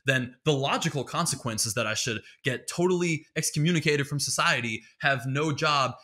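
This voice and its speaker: A man's voice: mid-range voice, bright, forceful tone. A man hosting a podcast, ranting in a heated, sarcastic comedic monologue full of swearing. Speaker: podcast host.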